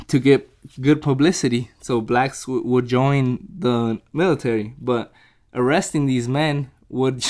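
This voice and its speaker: A man's voice: mid-range voice, a little mellow. Rambling young man retelling a book. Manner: rambling, repeats himself, acts out quotes. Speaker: book reviewer. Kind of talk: casual book review retelling.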